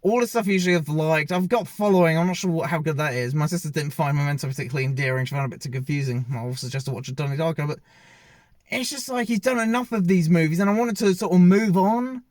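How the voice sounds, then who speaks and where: A man's voice: on the high side, fast, a little mellow, no echo. Rambling man reviewing films. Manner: rambling, opinionated, often correcting himself mid-sentence. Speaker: film reviewer. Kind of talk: casual opinionated movie review. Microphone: self-filmed camera.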